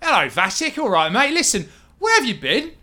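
Bright, cocky halfling heavy, played by a man. Sneers. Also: very high voice, big pitch swings, a little fast, voice pushed up, heavily acted. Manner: sneering, matey tone. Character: cocky male halfling thug, mocking.

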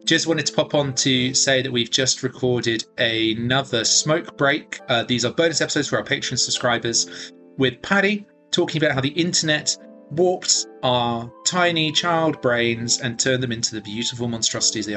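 A man narrating as game master and hosting the podcast, an animated storyteller who acts out sound effects. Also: medium pitch, moderate pace, soft background music.

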